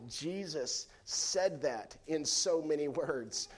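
A man with a high voice delivers a sermon at an unhurried, deliberate pace. He is a pastor in his thirties who tells a lighthearted story, acts out the quotes, and then builds to fervent preaching.

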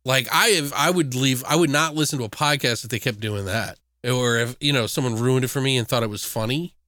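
A man co-hosting a podcast in casual, animated chat, swearing freely as he rants. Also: mid-range voice, fairly quick, no echo, clean studio sound. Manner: animated, profane, ranting. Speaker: podcast co-host.

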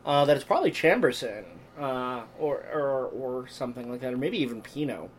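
A man's voice: mid-range voice, animated, normal speed, slight background noise. A man hosting a podcast, chatting casually and joking, often laughing. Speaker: podcast host. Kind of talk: casual chat. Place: apartment room.

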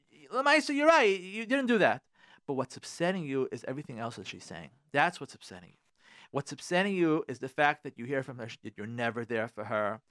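A man's voice: a little high, a bit bright, clean tone, no room sound, studio quality. A man, a rabbi, giving earnest, direct marriage advice on a radio talk show and repeating phrases for emphasis.

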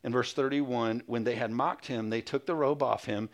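A man's voice: mid-range voice, steady tone, moderate pace. Man preaching with call-and-response. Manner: preaching with call-and-response, reading scripture aloud. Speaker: pastor. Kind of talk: sermon.

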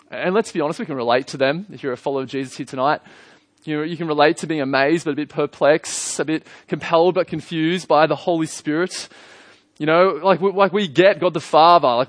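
An Australian man in his thirties preaches a sermon in a warm, chatty way, pitched a little high. He moves between earnest points and gentle jokes. His voice sounds close and dry. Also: dry recording. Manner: conversational, earnest, lightly humorous. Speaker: pastor.

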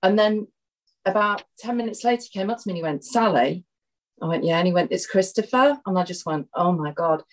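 An actress guest telling stories in a casual chat, acting out what people said. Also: female voice, medium pitch, brisk, poor audio. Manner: lively storyteller, quotes people.

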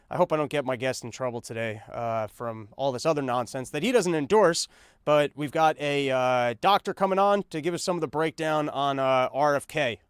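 A man's voice: fairly high pitch, smooth, no room sound, studio quality. A man hosting a comedic news monologue, rambling and sarcastic, talking while he paces on a treadmill. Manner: rambling, sarcastic, full of fillers and restarts; talks while pacing on a treadmill. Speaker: podcast host.

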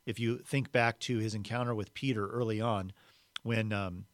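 A man's voice: fairly low pitch, fairly even intonation, normal speed, dry recording. Reflective man teaching in a dry room. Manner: reflective, repeats words for emphasis. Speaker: podcast host. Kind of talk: devotional teaching.

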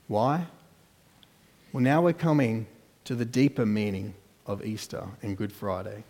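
Here a pastor preaches in a church hall, the long reverb echoing around him. The sermon veers dramatically between hushed, low asides and raised, emphatic lines.

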